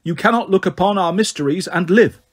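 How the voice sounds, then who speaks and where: A man's voice: high-pitched, brisk, slightly rough. Man putting on a pompous old ghost priest. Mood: stern.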